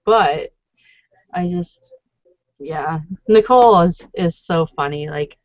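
A woman's voice: fairly low pitch, slow pace, no room sound. Chatty woman gossiping. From Canada. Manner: chatty, gossipy, lots of fillers and quoted asides. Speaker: podcast co-host. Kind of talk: casual chat. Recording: dull lo-fi recording.

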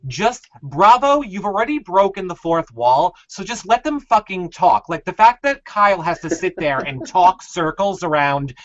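A man co-hosting a casual recap chat, talking in an animated, profane, ranting way. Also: high-pitched, moderate pace, few pauses, no room sound. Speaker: podcast co-host. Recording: dull lo-fi sound.

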